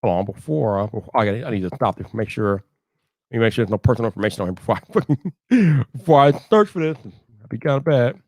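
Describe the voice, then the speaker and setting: A man hosting a casual live stream, talking in an animated way, repeating himself and ranting loudly when annoyed. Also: medium pitch, a little fast, dry recording, studio quality.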